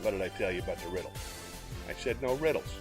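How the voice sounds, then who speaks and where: A man hosting a live stream, reading a poem aloud in a solemn, measured way with dramatic pauses. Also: deep voice, lively intonation, music in the background. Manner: rambling self-deprecating chatter to viewers. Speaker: host of a live-stream variety show. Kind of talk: poetry reading and casual chat on a livestream.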